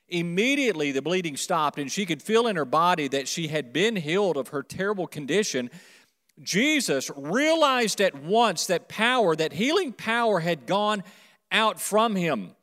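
Preaching man in a reverberant church. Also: on the high side. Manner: preaching with swings from quiet to loud, calls congregation to repeat. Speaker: pastor. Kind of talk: sermon. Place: church sanctuary. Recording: long hall reverb.

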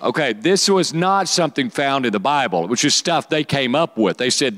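A man's voice: mid-range voice, moderate pace. A man preaching a sermon to young people, joking and calling for responses. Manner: lively, joking, calls for audience responses. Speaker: youth pastor.

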